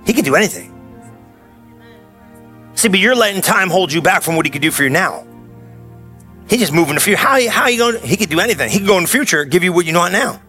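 A man preaching a sermon in a loose, conversational storytelling way, breaking into shouted bursts of excitement. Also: sits high, quick pace, pauses often, soft background music.

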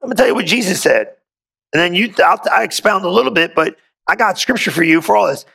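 A man's voice: sits high, lively intonation, fast talker, vocal fry, bright, forceful tone, breathy edge. A male pastor preaching a sermon, reading scripture aloud and breaking in with exuberant call-and-response asides.

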